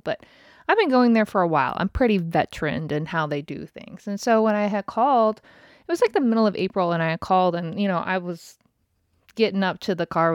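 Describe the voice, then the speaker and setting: Speaking into a podcast mic, a thirty-something woman hosting her own show tells a casual story, chatty and exasperated, cursing freely. Her voice sits on the low side, and the studio-quality recording has no room sound.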